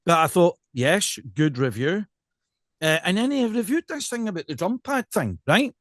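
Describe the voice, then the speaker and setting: A Scottish man's fairly high voice carries casual podcast banter. He is animated and jokey, and the sound is dry and close to the mic. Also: moderate pace, no echo. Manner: animated and jokey, tells stories with quoted asides. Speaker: podcast co-host.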